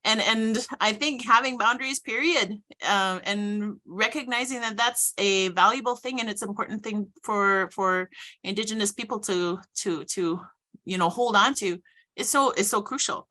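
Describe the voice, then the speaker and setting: A woman's voice: medium pitch, normal speed, sharp tone. A woman speaking earnestly and reflectively as a panelist in a conversational discussion.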